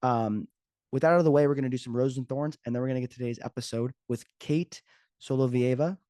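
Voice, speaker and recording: A man's voice: mid-range voice, fast talker, dark tone, no echo, clean studio sound. Chatty joking man podcast host. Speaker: podcast host and fitness coach. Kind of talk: casual solo podcast talk.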